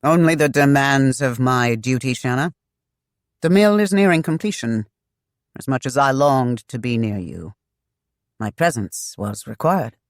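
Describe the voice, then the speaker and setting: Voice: mid-range voice, expressive, measured pace, dry recording, clean studio sound. A narrator doing a lazy, teasing young gallant. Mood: smooth. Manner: lazy, wry. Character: charming young man, teasing and easy.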